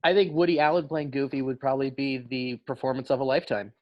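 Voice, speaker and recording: A man appearing as a guest comedian on a podcast, firing off quick, deadpan one-liners. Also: medium pitch, dull audio.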